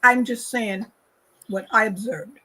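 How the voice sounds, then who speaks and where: A woman host with a high, husky voice shares her opinions in a slow, unhurried way. She is emphatic, stresses her points, and repeats them for weight. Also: sharp tone, rough recording. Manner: emphatic, repeats points, acts out quoted people. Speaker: talk show host. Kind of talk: opinionated casual discussion.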